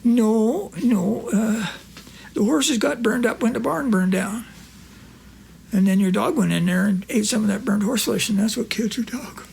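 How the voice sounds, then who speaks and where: A gravelly old rancher, put on by a man, drawling and circling around the bad news. He stumbles over his words, repeats himself, and talks a notch higher than the storyteller's own voice. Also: moderate pace, darkish tone, a little hiss or hum. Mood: rambling.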